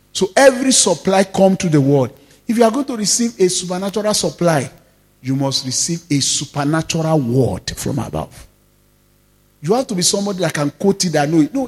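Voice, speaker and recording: A man's voice: fairly high pitch, a little mellow, big-room sound. A man preaching a sermon as pastor, stressing and drawing out words and calling out to the congregation.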